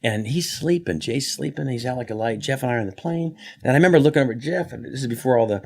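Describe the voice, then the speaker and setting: A man guest comedian telling stories in a casual interview, animated and rambling with many restarts. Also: mid-range voice, quick pace, creaky, slightly rough.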